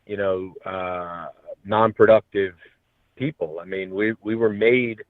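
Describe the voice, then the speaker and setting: A man talks earnestly and motivationally as a guest on a radio interview. His voice sits a little low and arrives over a tinny phone line. The sound is dry, with no room around it. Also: slow, no room sound.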